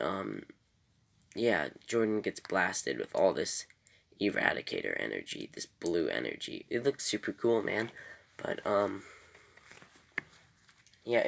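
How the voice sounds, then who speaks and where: A man's voice: fairly low pitch, creaky, a bit bright. A man casually recapping a TV episode in a rambling way, full of fillers and self-corrections. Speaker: TV episode reviewer.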